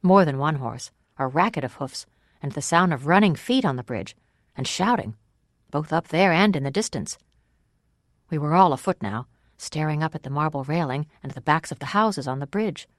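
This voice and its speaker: An audiobook narrator reading a novel in first person with measured, even storytelling. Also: medium pitch, no echo, clean studio sound. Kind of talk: scripted narration.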